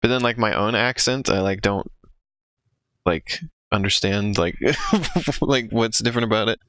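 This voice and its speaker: Casting: lower-voiced American man, laughy chatty streamer, dry close sound. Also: unhurried, a bit bright, clean tone, no room sound. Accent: general American. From United States. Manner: chatty, lots of "like", laughs often. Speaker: streamer co-host. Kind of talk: casual chat over a game stream.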